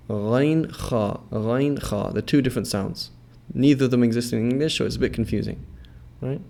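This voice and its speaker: A man with a gravelly, creaky edge to his voice walks through pronunciation like a patient teacher. He repeats each sound slowly, stretches it out, and keeps checking that the listener is following. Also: medium pitch, darkish tone. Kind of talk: instructional explanation with repeated model words.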